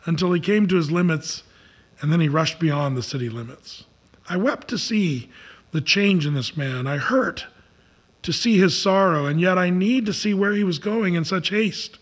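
Husky man retelling a story. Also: sits high, a bit bright. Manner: earnest, with slips and restarts.

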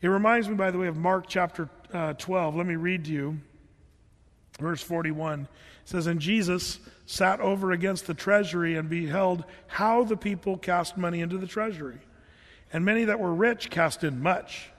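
A man pastor giving a conversational sermon, repeating words as he goes and reading scripture slowly and earnestly. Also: sits high, in a large hall.

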